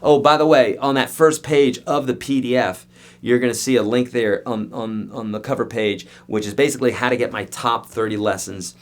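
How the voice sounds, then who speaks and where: A man teaching guitar in a live-streamed online lesson, talking emphatically and straight to his viewers. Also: on the low side. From United States.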